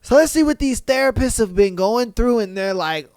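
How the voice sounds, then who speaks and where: A man hosting a podcast, reading listener posts aloud in a casual, animated way, swearing and acting out his own reactions. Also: very high-pitched, moderate pace, few pauses, clear, resonant tone, dry recording, clean studio sound. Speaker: podcast host.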